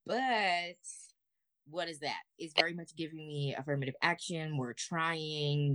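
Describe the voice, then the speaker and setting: A woman with a low voice co-hosts a podcast, telling a story in an animated, slangy way and swearing freely. Her voice is close and dry, with no room sound around it. She talks casually. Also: measured pace, no room sound. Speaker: podcast co-host.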